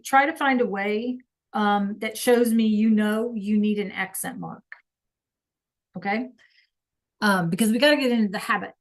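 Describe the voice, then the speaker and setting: A woman teaching a class over a video call, explaining slowly and patiently and checking in with "okay?" all the time. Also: mid-range voice. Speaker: Spanish teacher.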